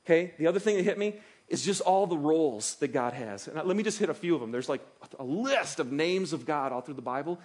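Animated preacher, man with high voice. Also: fairly quick, few pauses. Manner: animated, acts out quoted voices of God and listeners. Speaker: pastor. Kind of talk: sermon.

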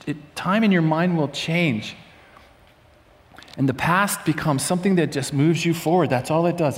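A man preaching a sermon in a lively, conversational way, often acting out voices in quotes. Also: on the high side, big-room sound. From United States.

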